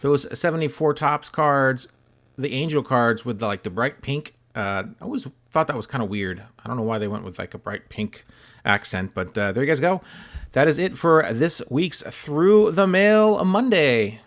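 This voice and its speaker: A man's voice: medium pitch, lively intonation, moderate pace. A man vlogging about his sports card mail, talking casually with lots of filler words and wry, self-deprecating humor. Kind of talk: casual chat while opening mail.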